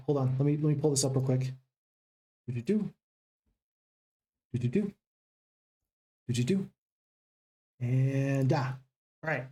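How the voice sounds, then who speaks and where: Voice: mid-range voice, darkish tone. A gaming channel host giving upbeat, casual let's-play commentary and chatting with viewers.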